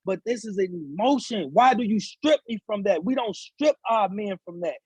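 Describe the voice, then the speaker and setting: Husky high-voiced man preaching about manhood. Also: lively intonation, normal speed, a little mellow, no echo, low-quality recording. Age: adult father of seven sons. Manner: preaching, repetitive, rising to emphatic peaks. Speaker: author and speaker, guest. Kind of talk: impassioned podcast talk.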